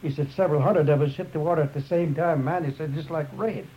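A man's voice: on the high side, fairly even intonation, fast, a little hiss or hum. A man giving an oral history retelling in a rambling way, with many restarts and repeated phrases. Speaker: storyteller. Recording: dull lo-fi tape recording.

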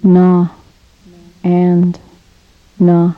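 A woman teaching a recorded language lesson, saying each phrase slowly and repeating it for practice, on a dull lo-fi cassette tape. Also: on the low side, completely flat delivery, no echo.

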